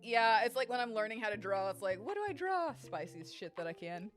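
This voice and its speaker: A woman's voice: mid-range voice, fairly quick, faint music behind. A woman streamer chatting casually with her live viewers, candid and chatty, laughing often. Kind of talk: casual chat with live viewers while gaming.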